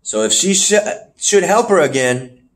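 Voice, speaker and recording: A man's voice: a little high, big pitch swings, measured pace. A man hosting a podcast, casually recapping wrestling shows and acting out the wrestlers in put-on voices. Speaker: podcast host.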